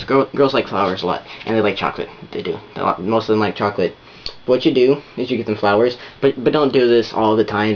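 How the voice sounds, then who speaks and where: A man's voice: lowish voice, dull audio, a little hiss or hum. A man giving relationship advice in a rambling, repetitive casual monologue full of restarts.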